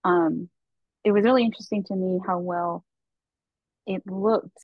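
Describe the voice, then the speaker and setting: A woman's voice: on the low side, steady tone, a little slow, no echo. Woman chatting, earnest, kinda muffled lo-fi sound. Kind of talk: casual discussion. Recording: dull lo-fi mic.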